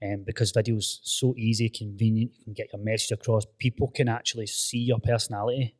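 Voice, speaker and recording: A man's voice: lowish voice, level tone, a little fast, a little mellow. A Scottish man hosting a casual podcast chat, blunt and sweary, who says "mate" and "aye" a lot. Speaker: podcast host and personal trainer. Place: gym.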